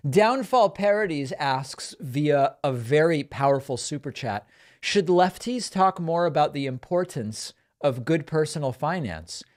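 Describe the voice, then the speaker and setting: A man's voice: on the high side, expressive, measured pace, darkish tone. A man in his thirties hosting a live political stream, reading viewer comments aloud and reacting to clips with incredulous mockery.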